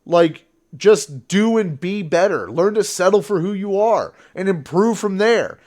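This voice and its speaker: Man streamer, high-pitched, swearing a lot in heated political rants. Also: animated, a little slow, a little mellow. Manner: profane, heated ranting. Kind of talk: political reaction stream, ranting.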